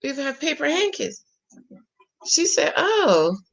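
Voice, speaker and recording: A woman's voice: on the high side, animated, measured pace, bright, forceful tone. A woman in her forties from Jamaica, chatting and exclaiming as she reacts live to a show, greeting her viewers. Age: 40s. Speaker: reaction host. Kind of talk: live watch-along commentary.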